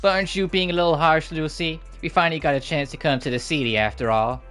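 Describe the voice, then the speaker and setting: A man's voice: a little high, fairly even intonation, quick pace, a bit bright, clean tone, soft background music, lightly acted. A man voicing a cheeky young female trucker with a twang in her voice, reading game dialogue aloud. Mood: teasing. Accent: trucker twang attempted.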